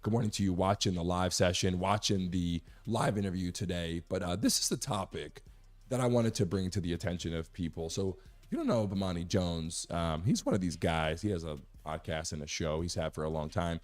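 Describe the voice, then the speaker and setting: A hoarse man hosting a live sports talk show, talking emphatically and repeating his point to make it clear. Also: sits low, animated, fairly quick. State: hoarse, recovering from a lost voice.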